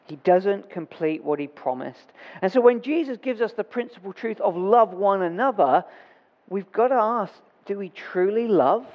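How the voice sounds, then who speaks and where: A man with a high voice delivers a sermon in a conversational tone. He stops to correct himself and reads scripture aloud as he goes. The recording sounds dull and muffled, and a long reverb fills the church. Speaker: preacher.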